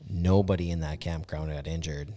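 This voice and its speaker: A man's voice: very deep voice, steady tone, normal speed, dark tone. A man hosting a casual interview and reacting to his guest's story. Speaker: podcast host.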